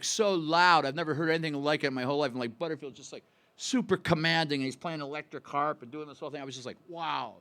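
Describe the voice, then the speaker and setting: A man's voice: fairly high pitch, fairly bright tone. A man in his sixties from Buffalo, a singer-songwriter telling a rambling, chatty story on stage at a live music club. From Buffalo, New York. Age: 60s. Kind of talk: onstage storytelling between songs.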